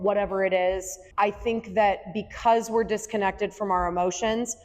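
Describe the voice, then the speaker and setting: A woman's voice: mid-range voice, a little mellow. A woman with a mid-range voice talks chattily and openly, peppering her speech with "like" and "right?". Her voice sits in a room with a long, trailing reverb. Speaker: guest. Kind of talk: candid conversational talk. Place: room with a small audience.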